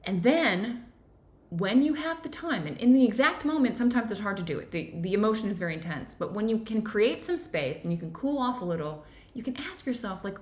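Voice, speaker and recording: A woman's voice: mid-range voice, expressive, brisk, reverberant. A woman giving a conversational self-help lesson, often checking in with "right?". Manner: conversational, keeps asking "right?". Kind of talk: guided teaching talk.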